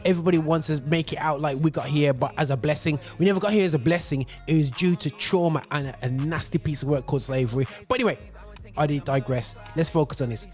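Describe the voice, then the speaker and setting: A man's voice: on the high side, quick pace, a little mellow, soft background music. A male radio presenter giving casual spoken commentary, talking loosely with many fillers and digressions.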